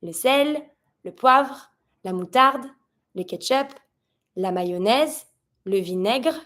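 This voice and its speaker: A woman's voice: fairly high pitch, lively intonation, fairly bright tone. Patient woman teaching French pronunciation. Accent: French Canadian. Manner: patient, spells out sounds, slows down for model words. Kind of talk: pronunciation lesson.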